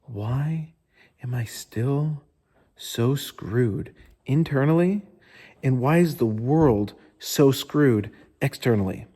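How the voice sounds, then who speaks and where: A man's voice: fairly high pitch, mellow, big-room sound. A man in a casual motivational storytelling style, candid and informal, who swears often and says "like" a lot. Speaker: motivational speaker.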